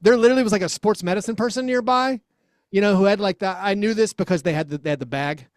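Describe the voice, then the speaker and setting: A man co-hosting a sports podcast, talking casually and telling a rambling, animated story as a parent of a young child. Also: high-pitched, fast talker, no room sound, studio quality. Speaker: podcast co-host.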